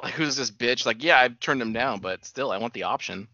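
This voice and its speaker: A man's voice: mid-range voice, fairly quick, sharp tone, no room sound. A young man co-hosting a casual podcast, arguing his point, laughing often and swearing, his voice jumping up when worked up. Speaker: podcast co-host. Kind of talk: casual profane chat. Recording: dull lo-fi sound.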